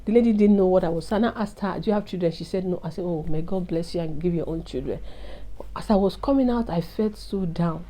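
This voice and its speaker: A woman with a fairly low, warm voice speaks fast while telling an emotional personal testimony on her vlog. She confides earnestly in her viewers, calling them "guys."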